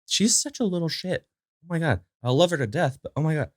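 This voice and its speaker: A man's voice: a little high, lively intonation, brisk, no room sound, clean studio sound. A man hosting his own podcast at home, talking casually from a chair in front of a camera, rambling with lots of fillers and side remarks to his dog. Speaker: podcast host. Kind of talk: casual solo chat. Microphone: recording to a camera.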